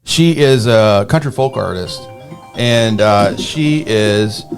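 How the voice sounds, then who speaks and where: A man's voice: fairly low pitch, takes it slowly, soft background music. A man from Northern Michigan co-hosting a podcast, chatting casually with many fillers and restarts. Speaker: podcast co-host. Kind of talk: casual chat.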